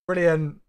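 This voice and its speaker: A man chatting casually on a flight-sim live stream, excitable and effusive toward his viewers, sounding tired. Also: sits high, smooth.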